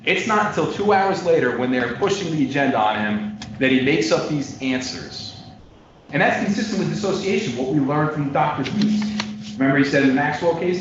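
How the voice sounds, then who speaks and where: A male defense attorney delivering a closing argument to a jury, emphatic and repetitive, swinging between loud stresses and quiet asides. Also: mid-range voice. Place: large courtroom. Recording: distant, echoey courtroom audio, dull lo-fi with noise.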